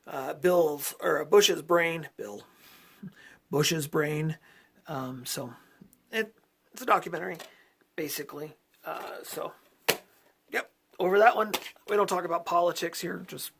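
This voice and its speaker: Gravelly man rambling about his movies. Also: high-pitched, fairly bright tone. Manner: rambling, many fillers, loses track of names. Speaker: collector showing his movie collection. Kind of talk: casual vlog talk.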